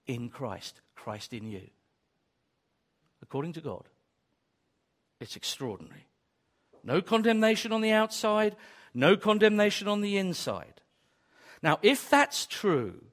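A man's voice: sits high, fairly bright tone. A man preaching a sermon, emphatic and repetitive, with joking asides. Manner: emphatic, repetitive, builds to exclamations.

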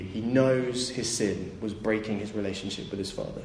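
A man's voice: medium pitch, fairly quick, hardly any pauses, a little mellow, slight background noise. A man delivers a sermon, retelling a parable and slipping into the voices of its people. His voice rings through a large, echoey hall with faint ambience behind it. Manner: storytelling, acts out voices of the story's characters. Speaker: preacher.

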